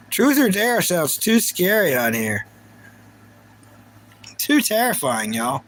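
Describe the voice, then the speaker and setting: A man's voice: high-pitched, sing-song, slow, long pauses, fairly bright tone, rough recording. A young man hosting a livestream, chatting casually and playfully about anime and reacting to his viewers. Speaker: livestream host.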